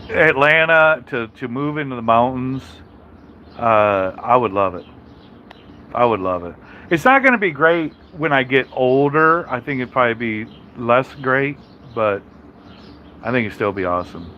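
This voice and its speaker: A man's voice: medium pitch, big pitch swings, unhurried, dull audio, slight background noise. A man chatting casually on a livestream, answering his chat in a rambling, blunt and heavily profane way, with frequent restarts. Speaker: trucker streamer reading chat.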